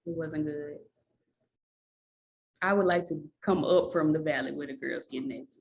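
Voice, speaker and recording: A woman's voice: deep voice, normal speed, creaky. Young southern woman, casual chat, dry, blunt, sarcastic. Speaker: podcast co-host.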